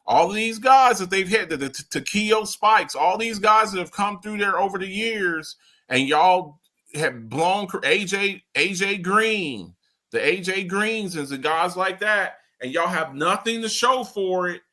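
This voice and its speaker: A man hosting a sports podcast, talking in an animated, rambling way, repeating himself and swearing casually. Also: high-pitched, unhurried. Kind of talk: casual sports talk commentary.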